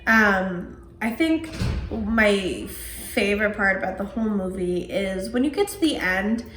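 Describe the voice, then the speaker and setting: A woman co-hosting a casual horror podcast, retelling movie scenes in an animated way. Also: mid-range voice, unhurried. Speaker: podcast co-host. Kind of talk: casual movie review chat. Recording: roomy echo, faint background noise.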